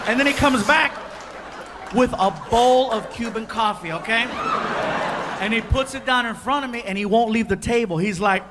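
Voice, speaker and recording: A man doing animated stand-up storytelling, acting out characters with loud outbursts. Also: very high-pitched, brisk. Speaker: stand-up comedian. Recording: live club set with a laughing crowd and room noise. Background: audience laughter.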